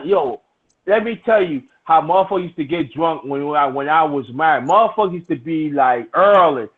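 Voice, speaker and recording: Man, middle-aged, casual chat, rambling profane storyteller, high voice, lo-fi phone-like audio. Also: husky. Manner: rowdy, profane storytelling with many restarts. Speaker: storyteller in a hangout. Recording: tinny, phone-like lo-fi sound.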